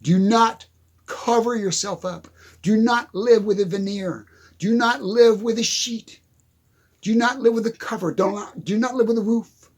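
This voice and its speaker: A man giving an emphatic, repetitive motivational monologue, addressing the listener directly. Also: sits high. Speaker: motivational speaker.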